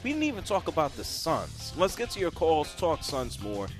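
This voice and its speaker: A man's voice: on the high side, huge pitch swings, moderate pace, soft background music. A man hosting a sports radio show in casual, conversational talk, trailing off and sighing as he goes. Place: radio studio. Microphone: studio mic.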